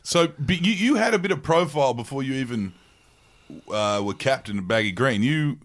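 A man's voice: mid-range voice, animated, moderate pace, a bit bright. An Australian man hosting a casual podcast interview, chipping in with short remarks and slang. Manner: brief backchannels, casual slang. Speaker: podcast host.

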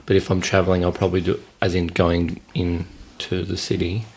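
A man's voice: low-pitched, monotone, moderate pace, a little mellow, a little hiss or hum. A man co-hosting a casual podcast, laid-back and rambling, often trailing off. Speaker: podcast co-host.

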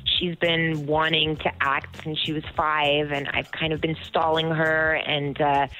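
A woman's voice: fairly low pitch, fairly bright tone, low-quality recording. A woman in her forties, a guest actress chatting enthusiastically in an interview. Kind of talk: interview answers.

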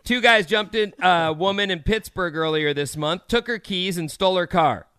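A man's voice: high-pitched, moderate pace, pushed and bright, clean tone, no echo, clean studio sound. A man in his thirties co-hosting a morning radio show, reading odd news stories with wry asides.

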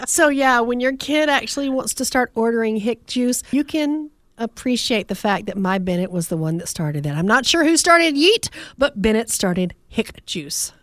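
A woman's voice: fairly high pitch, moderate pace, hardly any pauses, no room sound, studio quality. A woman with a Southern US accent co-hosting a podcast, telling family stories in a casual chat and laughing often. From American South. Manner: animated storyteller, laughs often. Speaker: podcast co-host.

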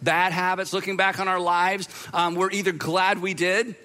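Bright, high-voiced male pastor. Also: level tone, moderate pace. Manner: conversational, with fillers. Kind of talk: sermon.

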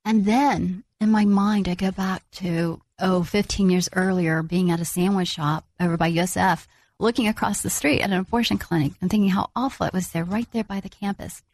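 A middle-aged woman telling her own story as a mother, earnest and reflective, with small restarts and pauses. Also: fairly low pitch, a little mellow, no room sound, clean studio sound. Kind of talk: personal storytelling.

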